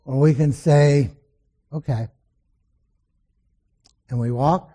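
A man's voice: fairly high pitch, takes it slowly, dark tone. A male pastor preaching a sermon in an emphatic, storytelling way.

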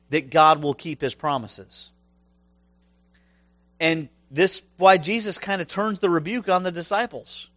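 A man preaching a sermon, animated and humorous, acting out voices from the stories he tells. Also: fairly high pitch, no echo. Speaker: pastor.

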